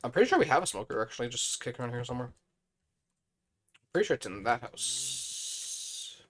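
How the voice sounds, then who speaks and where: A man with a hoarse, fading voice, chatting casually on a live stream as he plays a building game and thinks aloud. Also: medium pitch, animated, fairly quick.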